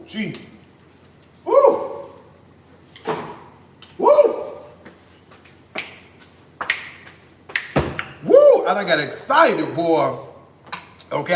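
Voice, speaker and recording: A man hosting a casual cooking vlog, chatting straight to viewers and bursting into high whoops and moans of delight while he cooks in a kitchen. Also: fairly bright tone, a little hiss or hum. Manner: chatty, addresses viewers directly. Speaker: cooking channel host. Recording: echoey room.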